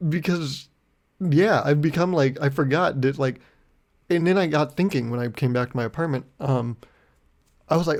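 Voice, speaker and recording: A man's voice: a little high, normal speed. A young man talks through his own podcast in a loose, rambling monologue. He mocks himself, laughs a lot, and now and then puts on a fake-outraged rant. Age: young adult. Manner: rambling and self-mocking, laughing often, with mock-indignant rants. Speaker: podcast host. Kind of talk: casual solo podcast monologue.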